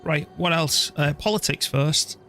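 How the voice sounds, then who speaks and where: A man talks his way through a live strategy-game stream, his voice dropping into a gravelly fry at the ends of phrases. He chatters in a loose, self-mocking way and scolds his software as if it could hear him. Soft music plays quietly behind him. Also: fairly high pitch, a little slow. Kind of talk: live gameplay commentary.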